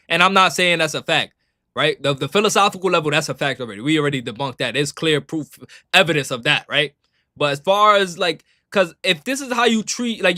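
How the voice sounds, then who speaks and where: A young man talks fast and loose to his stream chat, his voice pitched a touch high and strikingly bright, in a dry, close sound. He circles back on his points and keeps asking if you follow him. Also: dry recording. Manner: animated, repetitive, keeps saying "you know what I'm saying". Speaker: streamer reacting to sports clips. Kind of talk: casual live-stream commentary.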